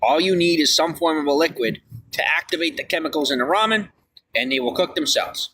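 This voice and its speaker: Excitable man with a bright, lively voice. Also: a little fast, gravelly, slightly rough. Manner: excitable, swings from shouting to low grumbling. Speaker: livestreamer. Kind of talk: rambling live-stream chat.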